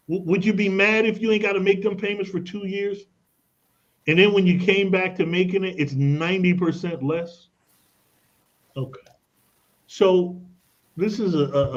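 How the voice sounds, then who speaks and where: Man, high voice, emphatic persuasive radio guest, casual slang, dull lo-fi broadcast sound. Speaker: credit and tax expert guest. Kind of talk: radio talk show guest explaining. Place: radio studio.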